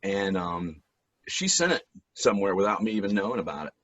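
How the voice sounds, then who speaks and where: Hoarse husky guy on a video call, telling stories, laughs and clears his throat a lot. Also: low voice, brisk, no room sound, dull audio. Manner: animated storyteller, laughs and clears throat often. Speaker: guest, musician and voice actor. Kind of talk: casual storytelling chat.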